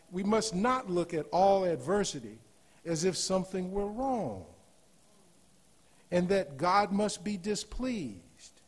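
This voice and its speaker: Guy preaching in church, husky kinda high voice, gets loud on the scripture then drops soft. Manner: rises to loud emphatic scripture reading, drops to soft asides. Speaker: guest preacher. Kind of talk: sermon. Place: church sanctuary.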